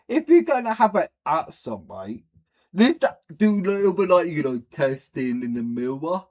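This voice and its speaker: A man's voice: high voice, very animated, moderate pace. A man giving casual, crude reaction commentary as a streamer. He rambles and laughs at his own slips.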